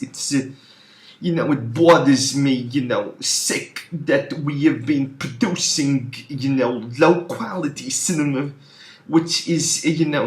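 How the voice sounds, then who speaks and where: Man doing an earnest filmmaker; slow, halting, echoey room. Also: mid-range voice, lightly acted. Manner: halting, full of you-knows. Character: earnest, weary male filmmaker, deeply serious. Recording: roomy echo.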